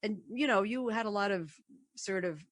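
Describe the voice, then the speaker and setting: A woman's voice: mid-range voice, moderate pace, no room sound. A middle-aged woman being interviewed, chatting casually in a rambling, self-deprecating way. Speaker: guest.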